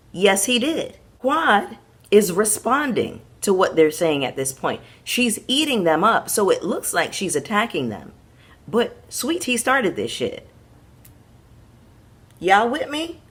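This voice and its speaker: A woman's voice: medium pitch, a bit bright, slightly rough. A young woman giving a sassy, emphatic recap of a reality show, talking straight to her viewers. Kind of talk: casual recap commentary.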